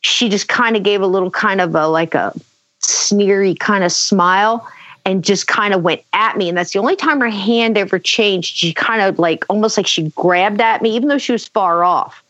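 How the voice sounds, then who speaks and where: A woman telling a personal story in conversation, animated, acting out quotes, with many fillers. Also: mid-range voice, moderate pace, no room sound. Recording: dull lo-fi dry sound.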